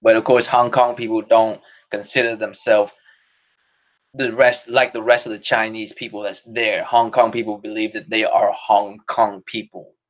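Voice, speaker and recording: A man's voice: lowish voice, little pitch movement, moderate pace, dull audio. A man hosting a podcast stream, chatting casually in a rambling, profane way and laughing often. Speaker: podcast host. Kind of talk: casual solo stream chat.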